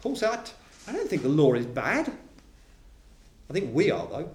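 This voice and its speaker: A man preaches a sermon, animated and dramatic as he voices the people he quotes. His voice sits a little higher than most men's. The recording carries the roomy echo of a hall. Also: moderate pace.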